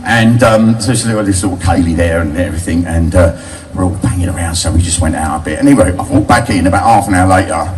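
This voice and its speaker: Cheeky older comic, crude live storytelling. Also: male voice, low voice, quick pace, few pauses. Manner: crude, cheeky, laughing at his own jokes. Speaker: comedian telling stories to a bar crowd. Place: bar with a live crowd. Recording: distant mic, loud crowd.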